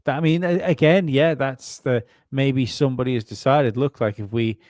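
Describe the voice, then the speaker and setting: A man's voice: mid-range voice, normal speed, a little mellow, no echo, studio quality. A man co-hosting a casual conspiracy podcast, rambling and swearing, often restarting his sentences. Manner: rambling, profane, many restarts. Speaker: podcast co-host.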